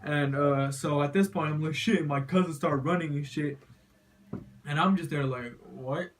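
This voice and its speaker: Young man, slightly high voice, casual storytelling, rambling, swears a lot. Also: fairly even intonation, moderate pace, slight background noise. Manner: rambling, profane, frequent "you know" and "like". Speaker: vlogger.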